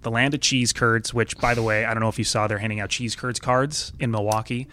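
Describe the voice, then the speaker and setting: A man in a mid-pitched voice hosts a casual sports betting chat. He thinks aloud as he talks and often restarts his sentences. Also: steady tone, a little fast, pushed and bright, a little hiss or hum. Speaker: podcast host.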